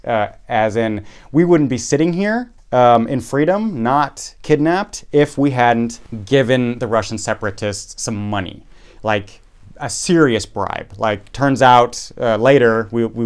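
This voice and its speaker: A podcast host casually telling a travel story, rambling, correcting himself and making wry asides. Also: male voice, mid-range voice, measured pace, clean tone.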